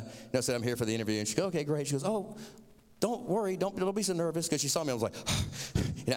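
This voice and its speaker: A man's voice: lowish voice, smooth, long reverb tail. A man from Florida with a Southern accent, giving a sermon as a chatty, self-mocking personal story.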